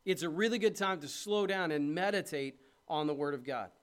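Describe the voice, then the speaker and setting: A man delivering a sermon in a fairly high voice. He talks to the congregation in a loose, conversational way and pushes up into emphatic, raised stretches. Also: a little fast, smooth. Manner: conversational preaching, rising to emphatic peaks. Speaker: pastor.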